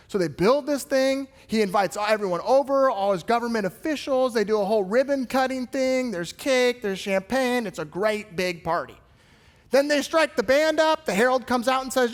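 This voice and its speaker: High-voiced male pastor in a reverberant hall. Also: moderate pace. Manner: animated, casual storytelling retelling scripture. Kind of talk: sermon. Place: church sanctuary. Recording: long reverb of a large hall.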